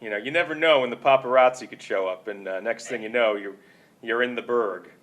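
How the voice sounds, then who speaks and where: A man's voice: mid-range voice, fairly quick, fairly bright tone. A man hosting a podcast in casual chat, joking and chatty with lots of fillers. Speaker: podcast host.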